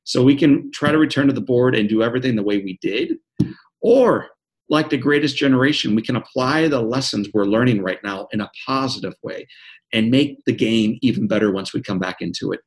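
In an interview, a man in his forties who is an author gives earnest, vivid anecdotes and often repeats words. He speaks briskly in a mid-range voice.

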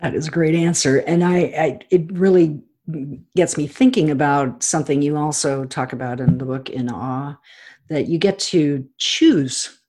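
A woman hosting an interview, asking thoughtful questions in a halting way with fillers. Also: sits low, warm tone. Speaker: interview host. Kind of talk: interview conversation.

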